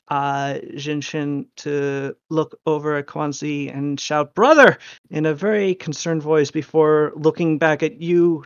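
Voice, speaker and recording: A game master narrating a tabletop game in an earnest, deliberate way. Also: medium pitch, clear, resonant tone, no room sound, highs cut off.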